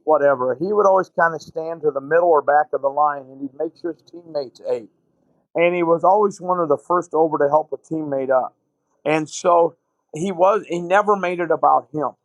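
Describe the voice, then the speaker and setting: On a podcast, a middle-aged basketball coach spins lengthy anecdotes in interview storytelling, quoting and performing the conversations within them. His voice is a little high, with no room sound and lo-fi audio.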